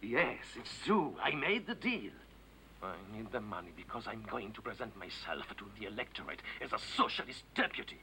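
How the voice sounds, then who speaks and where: A man's voice: on the low side, big pitch swings, brisk, vocal fry, crowd noise. An actor playing a sardonic grown son who talks back dryly to his mother, in a dubbed film. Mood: defiant. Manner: dry, sardonic. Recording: noisy film soundtrack.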